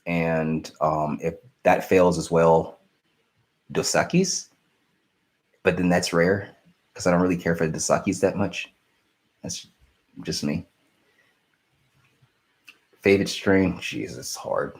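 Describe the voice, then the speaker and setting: A young man hosting a live stream, casually answering viewer questions in a relaxed, rambling way with lots of fillers and restarts. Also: low voice, takes it slowly, pauses often.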